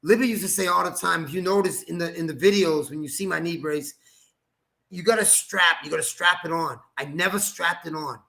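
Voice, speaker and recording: A man telling a personal story as an interview guest, animated, acting out quoted dialogue and laughing often. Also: fairly high pitch, brisk, vocal fry. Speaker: guest, former boxer.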